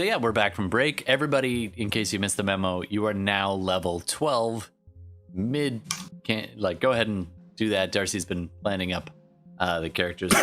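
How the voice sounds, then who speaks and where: A man acting as game master for a tabletop game, loose and rambling as he explains rules and narrates. His voice is very deep, with faint music in the background. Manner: relaxed, rambling, with frequent fillers.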